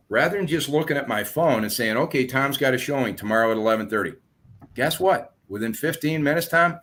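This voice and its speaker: Real estate agent guest, a man at middle pitch who tells his methods as stories and acts out his calls. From southern United States. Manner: animated storyteller acting out phone calls. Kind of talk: explaining sales methods in a podcast talk.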